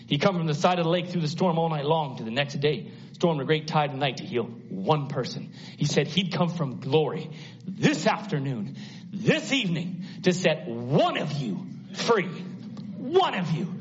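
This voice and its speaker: A man preaching a sermon at a church service, dramatic, acting out the voices in the story and swinging from hushed to loud. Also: fairly high pitch, expressive, moderate pace. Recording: dull lo-fi sound.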